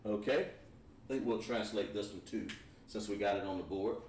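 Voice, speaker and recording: A man's voice: lowish voice, moderate pace, a little hiss or hum. A man teaching an online language class, explaining step by step as he writes on a board. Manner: relaxed, explains step by step while writing on a board. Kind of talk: online class lesson at a whiteboard. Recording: echoey room, mic at a distance.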